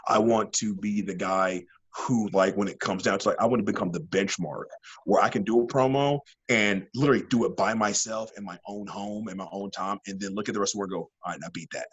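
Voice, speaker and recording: A man being interviewed as a wrestling guest, an animated storyteller who rambles with many fillers and restarts. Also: fairly low pitch, brisk, husky, lo-fi sound. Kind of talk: casual interview chat.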